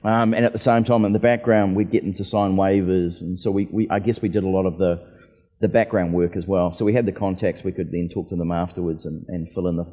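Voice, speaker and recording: An author and aviator, appearing as a guest at a book festival, tells stories casually on stage and acts out the voices of people he met. His voice is low, warm, fast, and fairly even in intonation. The festival hall is reverberant.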